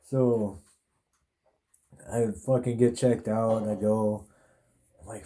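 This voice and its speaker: Low, dark-voiced man telling a rambling story. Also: steady tone, slow pace, long pauses. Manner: profane, rambling, laid-back. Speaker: podcast host. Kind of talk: casual storytelling monologue.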